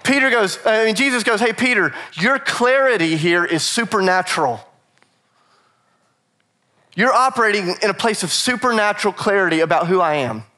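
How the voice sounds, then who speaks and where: A man preaching a sermon, animated and repetitive for emphasis, acting out scripture quotes in casual voices. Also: high voice, moderate pace. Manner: repeats phrases for emphasis. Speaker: pastor.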